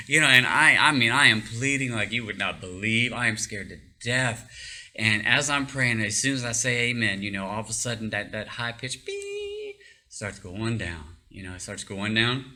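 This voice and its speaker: Excitable man with a sharp, bright voice. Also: medium pitch, normal speed. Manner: animated, excitable, laughs often; rambling with many fillers and restarts. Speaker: storyteller. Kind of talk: casual storytelling.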